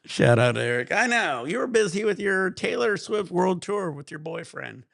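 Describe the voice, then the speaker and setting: A man's voice: high voice, expressive, normal speed, vocal fry, fairly bright tone. A man hosting a casual livestream, chatting with viewers, laughing a lot and breaking into profane rants. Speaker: livestream host.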